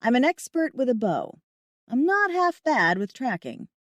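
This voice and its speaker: A woman's voice: sits high, very animated, measured pace, fairly bright tone, no echo, lo-fi sound. A woman giving brash, wry first-person audiobook narration.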